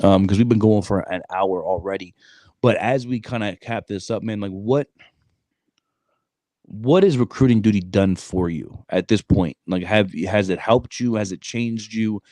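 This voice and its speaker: A man in his thirties spins a story for his podcast in loose, slangy talk, calling his listener "bro" again and again. His voice sits low. The sound is close and dry, with no room around it. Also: unhurried, no echo. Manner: animated, streetwise slang, frequent "bro". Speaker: podcast co-host. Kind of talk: casual storytelling chat.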